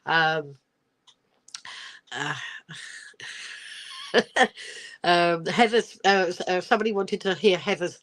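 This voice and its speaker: An older Englishwoman hosts a casual phone livestream, rambling, giggling and reading out viewer comments. Her voice sits on the low side with a fairly bright tone, and she speaks slowly with frequent pauses. The audio comes from her phone camera's microphone.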